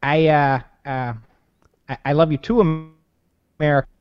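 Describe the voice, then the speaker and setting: A man voicing a gentle, awkward Canadian with a put-on Fargo-style Midwest accent, stammering as he comforts a friend. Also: on the high side, little pitch movement, normal speed, smooth, no room sound, highs cut off, close to an everyday voice. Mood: soothing, awkward. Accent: Upper Midwest, Fargo-style. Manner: hesitant, stammering, soothing.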